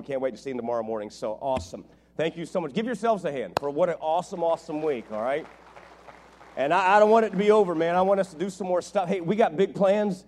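A middle-aged man preaching as a visiting pastor, telling jokes and family stories in an animated way. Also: medium pitch. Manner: joking, animated storytelling. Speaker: guest preacher. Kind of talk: sermon.

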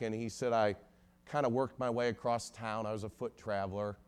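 Lower-voiced man telling a sermon story. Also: fairly even intonation, a little fast, clear, resonant tone. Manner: storytelling with sudden swells and drops in loudness. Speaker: ministry lawyer preaching.

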